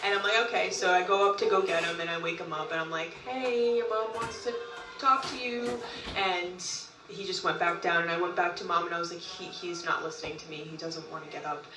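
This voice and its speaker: A woman telling a long story in casual talk, animated, often laughing and acting out what others said. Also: lowish voice, quick pace, distant mic. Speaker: group member recounting events. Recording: roomy, from off-mic.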